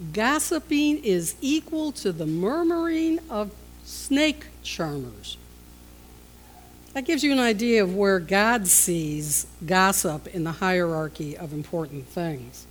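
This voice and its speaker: A woman pastor preaching a sermon, telling stories and acting out the characters with lively shifts in voice. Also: slight background noise, low-quality recording. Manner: storytelling, acting out scenes with shifts in pitch and loudness.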